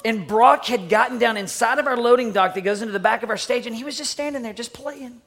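Animated high-voiced preacher telling a story. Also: male voice, quick pace, a little hiss or hum. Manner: animated, dramatic storytelling with shouts and hushed asides. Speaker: pastor. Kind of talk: sermon storytelling.

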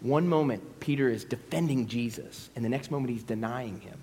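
At normal speed and medium pitch, a pastor delivers a lively storytelling sermon, performing the scenes in different character voices. The recording carries a long hall reverb.

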